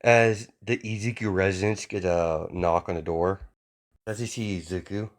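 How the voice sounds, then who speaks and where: Brief: low-voiced man, loose off-the-cuff fan story narration. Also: normal speed.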